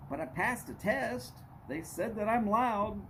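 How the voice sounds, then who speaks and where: A man's voice: high-pitched, a little slow, a bit bright, a little hiss or hum. A middle-aged man hosting a live stream, chatting casually and telling rambling jokes and stories. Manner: rambling, joking storyteller.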